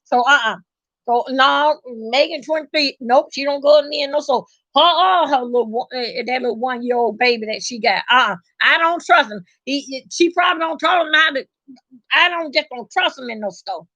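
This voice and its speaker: Bright, high-voiced middle-aged woman telling stories. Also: dry recording. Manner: animated, emphatic, salty with cursing. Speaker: vlogger. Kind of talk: casual storytelling. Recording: dull lo-fi recording.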